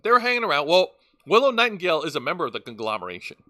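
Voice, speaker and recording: A man with a bright, slightly higher voice recaps wrestling shows in loose podcast chat. He rambles, trips over words and restarts lines. The sound is dry and close to the mic. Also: big pitch swings, racing, no echo. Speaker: wrestling show co-host.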